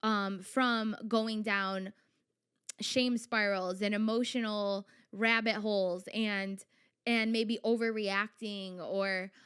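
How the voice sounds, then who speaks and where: A young adult woman hosting her own podcast, talking in a chatty, animated way with lots of fillers and quoted inner voices. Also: mid-range voice, slow, smooth. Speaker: podcast host. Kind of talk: casual solo podcast talk.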